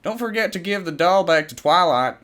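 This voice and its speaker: A man's voice: mid-range voice, moderate pace, a bit bright, smooth, natural voice. A man voicing a hearty, teasing farm mare pony with a hollering, folksy delivery.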